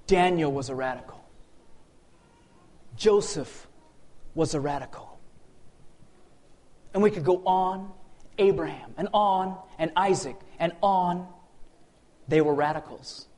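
A man's voice: a little high, a little mellow. A man preaching a sermon in a church sanctuary, asking the congregation rhetorical questions and calling for amens.

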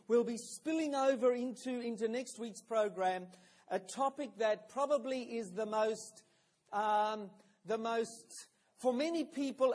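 Male preacher, unusually high voice, chatty storyteller with ums and restarts. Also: a little mellow. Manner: friendly storytelling with hesitant fillers and restarts. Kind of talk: sermon.

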